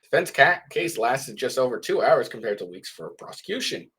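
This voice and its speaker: A man's voice: medium pitch, very animated, moderate pace, a bit bright, breathy edge. A man with a stuffy nose giving casual, rambling commentary on live updates, full of restarts.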